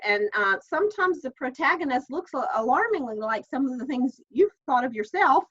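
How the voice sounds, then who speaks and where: Middle-aged woman, chatty storyteller, fairly high voice, muffled lo-fi call sound. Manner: chatty, warm storyteller, many fillers and restarts. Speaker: author and guest. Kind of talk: casual interview storytelling. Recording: dull lo-fi call audio.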